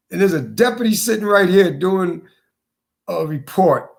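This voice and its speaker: A hoarse man telling his story in a casual monologue, repeating his points for emphasis. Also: high-pitched, lively intonation, moderate pace. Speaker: vlogger.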